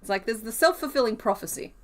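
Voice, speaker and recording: A woman chats on a live stream as she crochets, talking through each stitch out loud. She wanders off into little tangents and laughs often, and her tone stays relaxed and easygoing throughout. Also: fairly high pitch, fast. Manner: chatty, thinks aloud, laughs often. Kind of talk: casual live-stream chat while crocheting.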